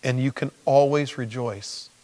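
A man preaching a sermon as pastor, animated and acting out quotes in lively voices. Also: mid-range voice, measured pace. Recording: long hall reverb.

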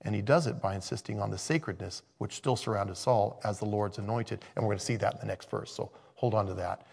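Gravelly-voiced male preacher. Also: lowish voice, fairly quick, a little mellow. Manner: conversational, thinking aloud, self-interrupting. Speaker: pastor. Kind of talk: sermon.

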